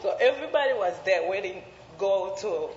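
A woman whose first language is French tells a personal story in an animated way, laughing and jumping up in pitch when she quotes others. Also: normal speed, slight background noise. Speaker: interviewee. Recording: roomy, reverberant, slightly dull recording.

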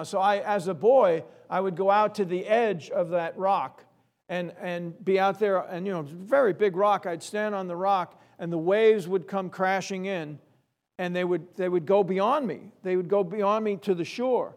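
A middle-aged man from Long Island giving a sermon, reading scripture slowly and emphatically and reflecting in a personal way. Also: high-pitched, a little mellow. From Long Island, New York. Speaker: preacher.

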